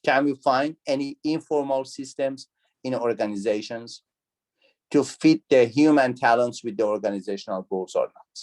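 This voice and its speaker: Speaking at a normal speed, a lecturer teaches a university course online via video call. He has a medium-pitched, somewhat mellow voice, asks his students questions, repeats important words, and phrases things like a non-native speaker.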